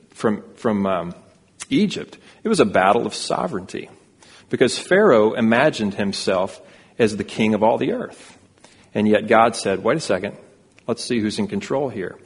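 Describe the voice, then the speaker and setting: A man's voice: fairly low pitch, husky, long reverb tail. A man preaching a sermon as a pastor, reading scripture aloud and explaining it earnestly in a church sanctuary.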